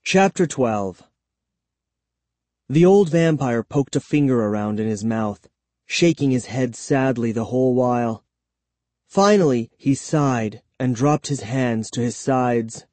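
A man narrating a spooky children's story as an audiobook, in slow, expressive storytelling. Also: mid-range voice, dry recording.

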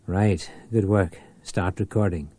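A man voicing a suave, commanding male police prefect who speaks with smooth courtesy and icy authority. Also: deep voice, steady tone, slow pace, warm tone, no echo, full character voice. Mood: stern.

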